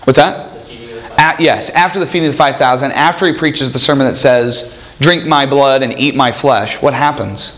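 A man preaching a sermon in an animated way, acting out the people he quotes. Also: medium pitch, normal speed. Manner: animated, acts out quoted voices.

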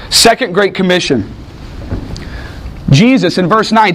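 A man preaching a sermon, dramatic, swinging from loud bursts to hushed lines and acting out quotes in voices. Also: high-pitched, expressive, brisk, a little hiss or hum. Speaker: pastor.

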